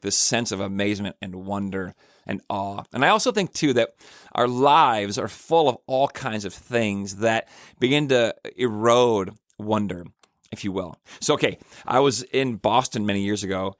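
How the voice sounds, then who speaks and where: A man's voice: fairly low pitch, no echo, clean studio sound. A man hosting a church podcast, talking in a casual, earnest way and telling stories with frequent restarts. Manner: rambling, earnest, storytelling with restarts. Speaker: podcast host, church minister. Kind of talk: casual reflective podcast monologue.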